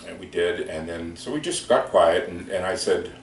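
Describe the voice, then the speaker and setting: A man telling a heartfelt story in a gentle, conversational way with many fillers. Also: deep voice, lively intonation, moderate pace. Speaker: speaker recounting prayer sessions. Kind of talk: storytelling talk. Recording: echoey room, distant mic, faint noise.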